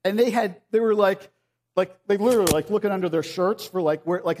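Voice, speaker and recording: A man's voice: high voice, brisk, a little mellow. A male pastor preaching a sermon in a casual, conversational way, often acting out the voices of people he quotes.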